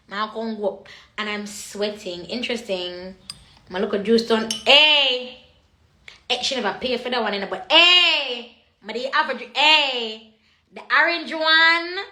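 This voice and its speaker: A woman's voice: on the high side, sharp tone. A woman with a Jamaican accent hosting a casual livestream, chatting to her viewers and slipping in and out of patois, recorded on a phone in an echoey room. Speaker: livestream host.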